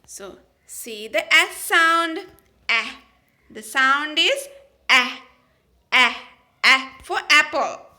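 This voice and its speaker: Woman, phonics teacher for kids, unhurried, repeats each sound, bright tone. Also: high voice, expressive. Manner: repeats sounds and words slowly, with small slips and restarts. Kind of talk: slow, sing-song phonics lesson for young children.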